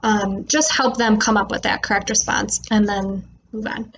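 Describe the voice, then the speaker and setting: A woman speech therapist explaining reading tips to parents in a relaxed way, with frequent "um" fillers, slowing down to stress words when she models them. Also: medium pitch, lo-fi sound, a little hiss or hum. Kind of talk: instructional talk to parents.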